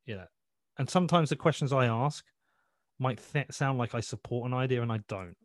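A man's voice: mid-range voice, brisk, dry recording, clean studio sound. A man talking as a podcast guest in a blunt, sweary, rambling way, often restarting his sentences. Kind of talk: casual interview chat.

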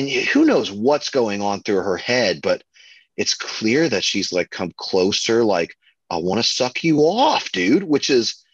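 A man co-hosting a podcast, chatting casually and excitedly about a film, full of fillers and restarts. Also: medium pitch, slightly rough, no echo, muffled recording. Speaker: podcast co-host.

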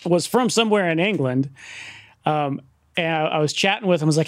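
A man's voice: a little high, normal speed, no echo. A man in casual chat, telling a laid-back anecdote with casual swearing.

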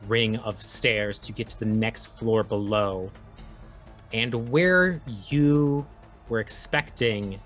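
A man running a tabletop horror game as game master, describing scenes casually with many filler words and explaining rules quickly. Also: mid-range voice, fairly bright tone.

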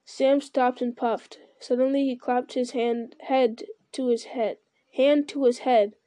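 A woman reading a fantasy novel aloud in a steady storytelling manner, with occasional slips. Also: high voice, slow, dry recording. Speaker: reader.

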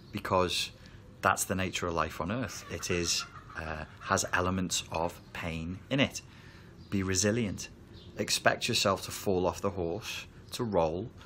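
A man talking to camera as a therapy coach, calm and reassuring as he explains. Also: deep voice, a little hiss or hum. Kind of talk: reflective talk to camera.

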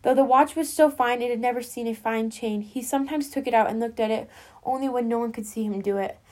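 A woman reading a classic story aloud as a storyteller, gently addressing her listeners as friends. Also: fairly high pitch, fast.

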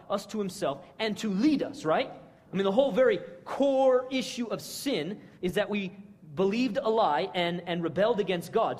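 Preacher, male, high and very lively voice, husky edge; casual sermon in a hall with long reverb. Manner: animated, slangy, keeps asking "right?".

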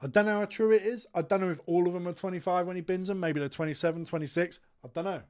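A man in his thirties hosting a podcast, chatting casually in blunt, sweary, animated banter, recorded in a studio. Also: high-pitched, quick pace. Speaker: podcast host. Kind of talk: casual chat.

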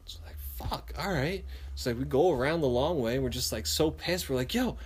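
A man casually telling a story, acting out the quotes loudly and swearing often. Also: mid-range voice, brisk, slightly rough. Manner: animated, acts out quotes with swearing.

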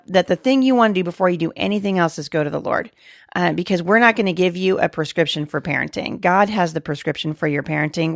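A woman's voice: medium pitch, creaky, no room sound, studio quality. A woman hosting a faith-based parenting podcast, chatting in an earnest, encouraging way with fillers and restarts. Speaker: podcast host. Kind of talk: casual chat.

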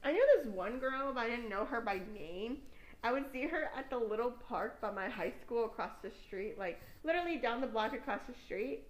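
A woman's voice: on the high side, lively intonation, moderate pace, roomy sound, rough recording. A young woman from New York, a podcast host chatting casually, rambling and swearing and laughing at her own stories. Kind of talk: casual chat.

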